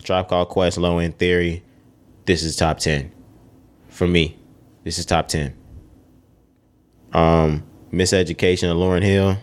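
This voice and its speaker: A man's voice: deep voice, level tone, measured pace, long pauses. A man co-hosting a podcast in casual chat, opinionated and swearing freely as he runs down a ranked list. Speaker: podcast co-host.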